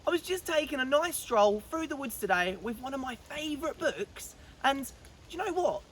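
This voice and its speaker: Animated high-voiced woman telling a bedtime story. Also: normal speed, slight background noise. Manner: animated, sing-song storytelling. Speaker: children's storyteller. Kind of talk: reading a picture book aloud to children.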